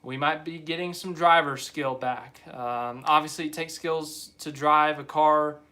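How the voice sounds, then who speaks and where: A man's voice: a little high, a little slow, pushed and bright. A young man hosting a live stream, chatting casually and rambling as he reads viewer comments aloud. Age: young adult.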